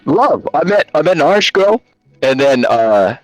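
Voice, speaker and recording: A man's voice: on the high side, very animated, normal speed, dry recording, soft background music, rough recording. A man from Australia, a guest content creator, chatting loosely in an interview and telling jokey stories full of fillers, over a video call. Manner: joking, loose storyteller with frequent fillers. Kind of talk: casual interview chat. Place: home in Latvia.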